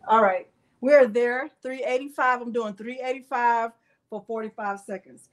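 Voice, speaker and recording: A woman's voice: on the high side, steady tone, normal speed. A woman hosting a live crafting tutorial, chatty and playful as she jokes with her viewers. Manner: chatty and playful, joking with chat. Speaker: crafting channel host.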